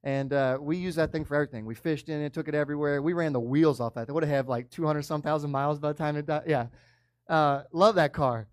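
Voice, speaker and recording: A young man preaching with a slightly high voice, in a casual storytelling manner. His sermon rises from easy conversation to emphatic peaks. The sound is close and dry, with no room echo. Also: fairly even intonation, fast. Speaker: pastor.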